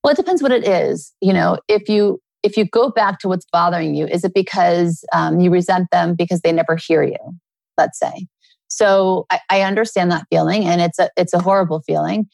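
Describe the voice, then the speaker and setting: A middle-aged woman, a guest author, talking earnestly in a relaxed interview and telling personal stories. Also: fairly low pitch, fairly quick, gravelly, no room sound. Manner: earnest, storytelling with acted quotes.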